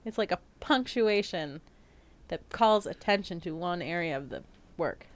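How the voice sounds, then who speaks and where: A woman's voice: on the low side, lively intonation, a little slow. Playful, giggly woman chatting about art. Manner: playful, giggly, scats sounds. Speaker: co-host. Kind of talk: casual chat about art.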